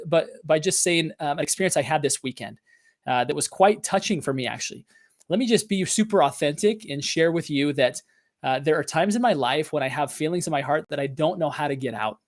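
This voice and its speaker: A middle-aged man hosting a business podcast, talking in an earnest, confessional way with many fillers and restarts. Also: on the high side. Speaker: podcast host. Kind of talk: motivational business talk.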